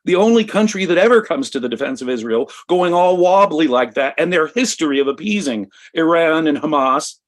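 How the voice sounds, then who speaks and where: An impassioned American man delivering heated political commentary on a talk show. His voice sits fairly high for a man, and he presses hard on his points with emphatic insistence. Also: lively intonation, brisk, few pauses. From United States. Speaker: co-host.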